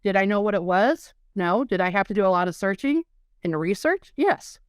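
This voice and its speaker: Woman, interview guest, earnest personal storytelling, smooth voice, dry close sound. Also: mid-range voice, animated, normal speed, no room sound. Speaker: dental implant patient guest.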